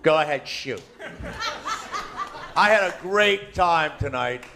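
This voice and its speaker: A man's voice: a little high, lively intonation, gravelly. A male show host joking with the audience and signing off a live broadcast. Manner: joking, brisk thank-yous to the crowd. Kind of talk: live radio show sign-off. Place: live comedy venue with audience. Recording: crowd noise over live show audio.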